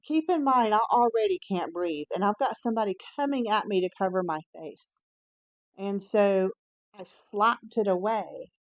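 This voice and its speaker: A woman vlogger telling a personal story in a candid, casual way, pausing on fillers and correcting herself as she goes. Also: mid-range voice, dry recording. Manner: chatty, candid, with frequent "um" and self-corrections.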